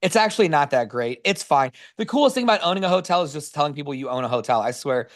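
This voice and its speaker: A man telling casual stories about real estate investing in a webinar, energetic and full of "like" fillers, on a video call. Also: on the high side, quick pace. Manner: energetic, filler-heavy, says "like" constantly. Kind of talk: casual storytelling presentation.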